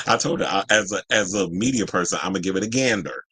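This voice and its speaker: A man from Georgia, hosting a casual entertainment commentary show and reading viewer comments, chatty and quick to laugh. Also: sits low, slightly rough. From Georgia, USA. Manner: animated, chatty, laughs often, slangy asides. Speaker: host.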